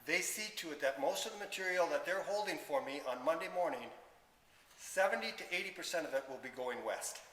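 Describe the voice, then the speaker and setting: Bright-voiced man, echoey and distant. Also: on the high side, animated, fairly quick, slight background noise. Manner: chatty, dry sarcastic asides. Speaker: library van delivery driver. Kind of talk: explaining his work on camera. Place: inside a delivery van or loading area. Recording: echoey, roomy, from far off.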